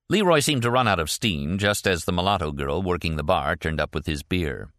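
A man narrating an audiobook in a measured, even storytelling voice. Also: low voice, no room sound, clean studio sound.

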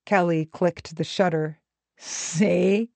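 Slow, low-voiced woman narrating a novel. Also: dry recording. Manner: slow, measured, even reading. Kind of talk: audiobook narration.

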